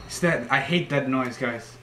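A man's voice: mid-range voice, a little slow. A young man, a YouTuber playing a horror game, jumpy and swearing, letting out shrieks when startled. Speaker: gaming YouTuber. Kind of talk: horror game let's play commentary. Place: room at home. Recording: echoey room with faint noise.

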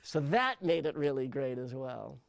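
A middle-aged man, a sound designer, telling stories in an interview with lively restarts and repeated words. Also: medium pitch, moderate pace, creaky, crowd noise. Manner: animated storyteller, repeats words when starting thoughts. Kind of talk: interview conversation.

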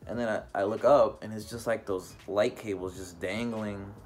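A man's voice: on the low side, fairly even intonation, moderate pace, a little mellow, slight background noise. Rambling young man telling a storytime. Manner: rambling, loose, many fillers and restarts. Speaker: vlogger. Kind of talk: casual storytime.

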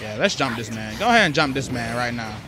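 A man's voice: medium pitch, sing-song, fast talker. A man giving playful gameplay commentary, trash-talking opponents as he plays. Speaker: gaming YouTuber. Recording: game music behind voice. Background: video game music.

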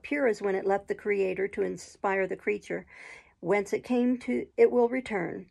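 A woman reading as a gentle, pious schoolgirl, husky and gravelly. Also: mid-range voice. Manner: calm, earnest, measured moral reasoning. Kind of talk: audiobook reading.

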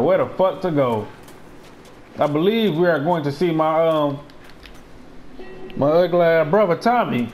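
A young man hosts a let's-play with brash, profane, slang-heavy banter. His voice sits a touch higher than most men's. A faint hiss runs underneath. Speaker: gaming host.

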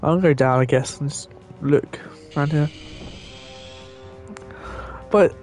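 A man's voice: on the high side, a little slow, darkish tone, soft background music. A young man rambling casually and swearing now and then as he plays a game and chats with viewers. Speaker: gaming channel host. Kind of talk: casual gameplay commentary.

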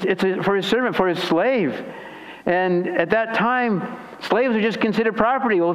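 A male pastor preaching an expository sermon, swinging between raised emphasis and hushed, pleading tones. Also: highs cut off. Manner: expository preaching with dramatized quotes, pitch swinging high and low. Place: church sanctuary.

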